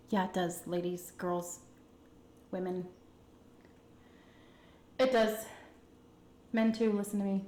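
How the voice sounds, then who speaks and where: A woman with a Texan accent telling a candid, chatty personal story to her viewers, full of fillers and animated retellings. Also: mid-range voice, slow, pauses often, reverberant. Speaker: food vlogger telling a story. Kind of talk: casual storytime chat.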